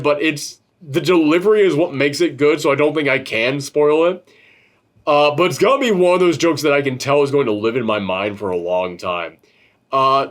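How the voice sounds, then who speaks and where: A man hosting a casual film-review chat, rambling and swearing freely. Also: on the high side. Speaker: podcast host reviewing a film.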